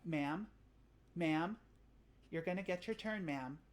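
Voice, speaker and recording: A woman's voice: lowish voice, slow pace, voice pushed up. A woman voicing a harried young male city cadet who keeps placating an impatient person in line. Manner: patient, repetitive placating.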